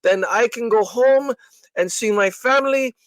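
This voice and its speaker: A man's voice: extremely high pitch, no room sound, pitched above the performer's own voice. A man putting on a robotic, overly polite male call-center agent. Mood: earnestly devoted. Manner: slow, overly polite, mechanical delivery. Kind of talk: comic impression in podcast chat.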